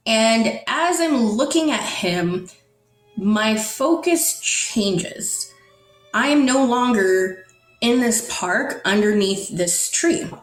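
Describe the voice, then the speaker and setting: A woman from the Netherlands, a podcast guest, telling a personal story in an animated way and acting out the dialogue. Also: fairly high pitch, slow. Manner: animated, acts out dialogue in quotes. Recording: roomy echo, faint music.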